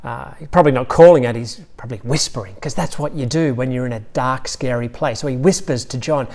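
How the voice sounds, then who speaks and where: A man with an Australian accent preaching an Easter sermon, retelling scenes with lively storytelling asides. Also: mid-range voice, fast talker, creaky, hardly any pauses. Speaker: pastor.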